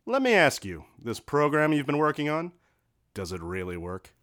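A man playing a smug, cruel billionaire tycoon in a radio drama, talking in a slow, mocking way. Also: on the high side, huge pitch swings, fairly bright tone.

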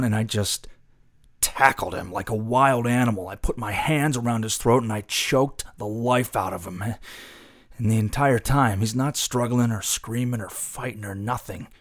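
An actor voicing a bitter, profane street vendor pours out a haunted confession in a radio drama, at an ordinary pitch with a dry, close sound. He is agitated and swears freely. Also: no room sound, lightly acted. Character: bitter working-class man confessing a killing.

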